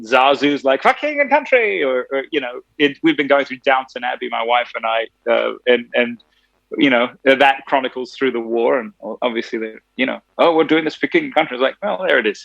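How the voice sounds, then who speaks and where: Australian-Tennessee male musician, gravelly and dry, chatty storyteller. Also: medium pitch, no echo, lo-fi sound. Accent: Australian with some Tennessee. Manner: chatty, laughs easily, animated storytelling. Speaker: musician guest. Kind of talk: casual phone interview.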